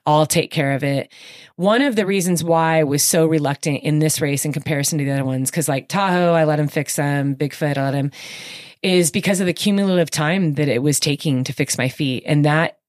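A woman in conversation, recounting an endurance race in a casual, animated storytelling manner with frequent fillers and quick emotional bursts. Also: low-pitched, dry recording, studio quality. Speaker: podcast guest recounting her race.

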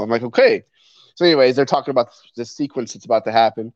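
A man's voice: mid-range voice, fast, darkish tone, dry recording. A man chatting casually at home, laid-back and teasing, often chuckling. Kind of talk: casual chat. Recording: dull, slightly lo-fi mic.

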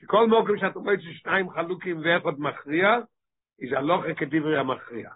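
A man teaching a study class, racing through readings and then unpacking them with "right?" and rhetorical questions. His voice sits a bit high and sounds husky. The recording is thin and phone-like. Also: very fast. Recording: tinny phone-like line.

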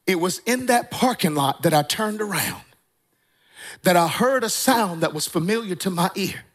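Pastor guy, 40s, high voice, tells stories from the pulpit, keeps asking the crowd stuff. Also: lively intonation, normal speed, fairly bright tone. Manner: conversational storytelling, quizzing the congregation. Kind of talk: sermon.

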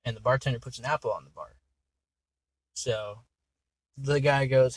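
A man hosts a casual podcast in a laid-back, profane way and laughs often. His voice sits at an average pitch and sounds dry and close to the mic, with no room sound. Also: moderate pace, husky, no room sound, poor audio. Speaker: podcast host. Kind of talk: casual chat and joke telling.

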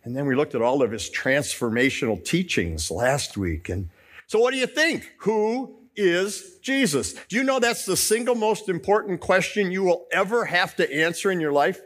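A man's voice: fairly high pitch, big pitch swings, moderate pace, fairly bright tone. A man pastor preaching a Lenten sermon, asking the congregation rhetorical questions.

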